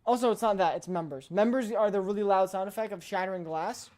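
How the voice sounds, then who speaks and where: A woman's voice: mid-range voice, fast talker, dark tone. Blunt, emphatic woman streamer. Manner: emphatic, playfully blunt, repeats points. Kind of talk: casual live-stream chat.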